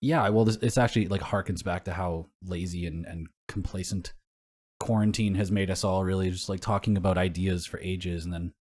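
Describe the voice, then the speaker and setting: A laid-back man from Canada co-hosting a casual podcast, teasing his partner and letting his sentences trail off quietly. His voice sits fairly low and he speaks easily. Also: steady tone, brisk. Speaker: podcast co-host, music promoter.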